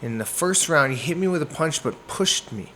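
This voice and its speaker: Canadian boxer telling a fight story. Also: male voice, on the high side, normal speed, slight background noise. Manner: animated, acts out moments with sound words. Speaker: boxer guest. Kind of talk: casual storytelling interview.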